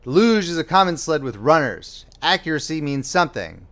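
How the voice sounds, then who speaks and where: A man's voice: a little high, big pitch swings, normal speed, fairly bright tone. A man voicing a pompous, pedantic male Swiss official who insists on precise points.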